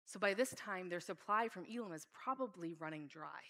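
A woman's voice: lowish voice, lively intonation, moderate pace, fairly bright tone. Woman preaching a heartfelt sermon. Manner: earnest, reads scripture aloud with feeling.

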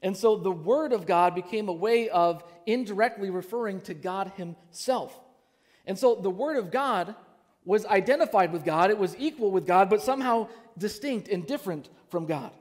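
A man preaching a sermon to his congregation. He is animated, uses frequent fillers when telling stories, and leads the room in call-and-response. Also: high-pitched, normal speed, long reverb tail. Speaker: pastor. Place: church sanctuary.

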